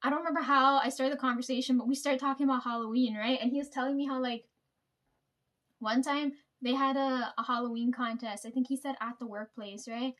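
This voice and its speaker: A woman's voice: sits high, steady tone, fairly quick, a bit bright. A young woman telling rambling, profane work stories to the camera and laughing often. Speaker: vlogger. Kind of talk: casual storytelling.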